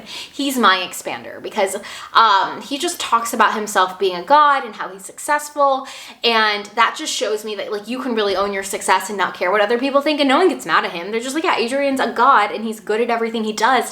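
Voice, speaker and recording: A woman's voice: on the high side, pushed and bright. A young woman talking casually and earnestly to camera about manifesting, with lots of "like" fillers. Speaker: manifestation vlogger. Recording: echoey room.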